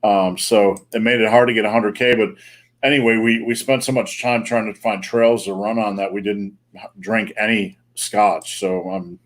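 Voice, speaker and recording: A man's voice: on the low side, steady tone, moderate pace. A man hosting a live online Q&A, chatting casually and joking, with plenty of fillers. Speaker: host. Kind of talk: live-stream Q&A chat.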